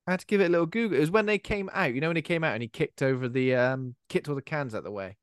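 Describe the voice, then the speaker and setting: A man's voice: fairly high pitch, rapid-fire, no echo, studio quality. A man co-hosting a podcast, chatting casually about a film and acting out quoted lines in silly voices. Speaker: podcast co-host.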